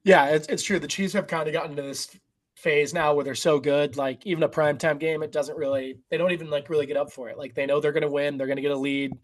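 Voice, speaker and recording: A man co-hosting a sports podcast, leading the game preview in a relaxed, conversational way. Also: fairly high pitch, quick pace. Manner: relaxed and conversational, says "like" and "uh" a lot. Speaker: co-host running the game preview. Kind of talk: casual sports podcast chat.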